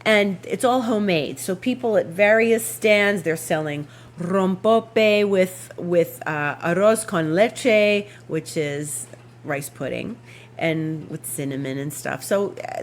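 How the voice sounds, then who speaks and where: Chatty woman host telling a story. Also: fairly low pitch. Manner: chatty, animated, laughs through the story; rambling with frequent restarts and asides. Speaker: astrology podcast host. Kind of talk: casual anecdotal storytelling.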